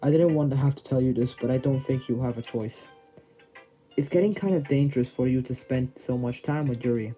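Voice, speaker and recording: A man's voice: medium pitch, fairly quick, mellow, faint music behind, lightly acted, poor audio. A man voicing a confident, controlling girl who leads a club, reading game dialogue aloud with small stumbles.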